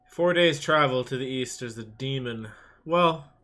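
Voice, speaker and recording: A man roleplays at a tabletop game in a bright, forward voice of middle pitch. He speaks in a measured, diplomatic way. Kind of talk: in-character roleplay chat.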